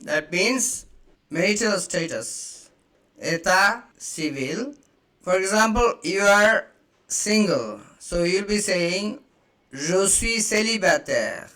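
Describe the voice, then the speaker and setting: A man teaching a beginner lesson, slowly saying each phrase twice and explaining it in English. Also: high-pitched, lively intonation, bright, forceful tone. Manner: slow, repeats each phrase, spells out examples. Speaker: French teacher. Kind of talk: slow beginner language lesson.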